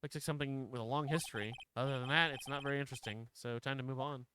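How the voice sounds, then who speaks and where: A man's voice: medium pitch, steady tone, fast talker, background noise. A man streaming a story game, reading its text aloud with casual, swearing commentary.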